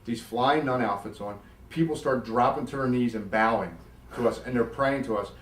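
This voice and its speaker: In a roomy-sounding recording made far from the microphone, a middle-aged South Jersey man with a mid-range voice talks at normal speed. The former wrestler, interviewed as a guest, tells lively stories, swearing freely and acting out vivid quoted dialogue.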